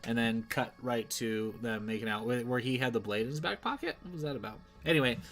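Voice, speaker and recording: A man talks through a TV episode in a loose, rambling review, restarting sentences and trailing off before circling back with enthusiasm. His voice sits at an ordinary middle pitch. Soft music plays faintly under his talk. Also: animated, fairly quick. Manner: rambling, self-correcting, enthusiastic. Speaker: show reviewer. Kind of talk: casual spoken TV review. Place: at home, streaming.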